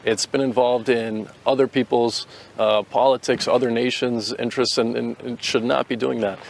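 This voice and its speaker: A man's voice: medium pitch, level tone, normal speed, creaky, a little hiss or hum. An American man answering interview questions outdoors, earnest and opinionated, often restarting his sentences. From United States. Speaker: interviewee, volunteer fighter.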